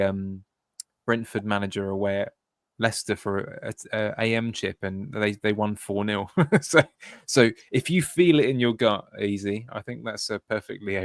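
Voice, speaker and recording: Male co-host, low pitch, meandering and hesitant, casual and dry. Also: dry recording. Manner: hesitant, filler-heavy wrap-up patter. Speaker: podcast co-host. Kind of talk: casual chat.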